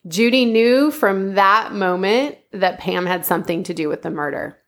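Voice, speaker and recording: A woman's voice: mid-range voice, normal speed. Chatty woman telling a true-crime story. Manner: chatty, laughs often, "like" fillers. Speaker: podcast host.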